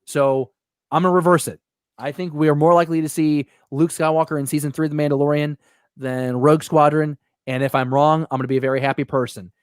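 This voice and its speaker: Energetic male live-show host. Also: fairly high pitch, quick pace, smooth, dry recording, clean studio sound. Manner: energetic, rambling, joking.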